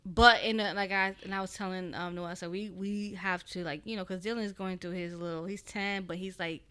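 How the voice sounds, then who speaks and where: A Puerto Rican woman, a podcast guest, chatting casually and telling animated parenting stories, acting out quotes in a raised voice. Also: medium pitch, brisk, clear, resonant tone. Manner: animated storytelling, acts out quotes loudly. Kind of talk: casual chat.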